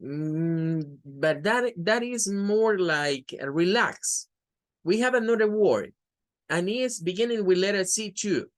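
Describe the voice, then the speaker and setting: With a fairly low pitch and an animated delivery, a woman whose native tongue is Spanish leads an English lesson. She speaks with a Spanish accent, repeating phrases slowly for pronunciation practice, and the recording is dry.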